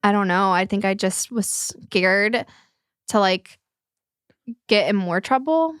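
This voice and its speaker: A young woman telling a painful personal story on a podcast, halting and full of fillers, close to tears. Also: mid-range voice, lively intonation, clear, resonant tone, no echo. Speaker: guest telling her life story. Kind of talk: podcast conversation.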